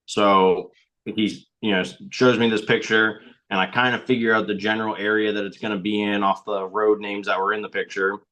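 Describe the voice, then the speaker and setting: A man's voice: on the low side, little pitch movement, moderate pace, fairly bright tone, rough recording. A young man, a podcast guest, telling a story in a plain, matter-of-fact way. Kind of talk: casual storytelling.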